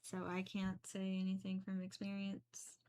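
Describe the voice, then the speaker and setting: A woman's voice: medium pitch, monotone, measured pace, mellow. A young woman chatting casually while she paints, rambling with many fillers and small giggles. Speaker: painting streamer.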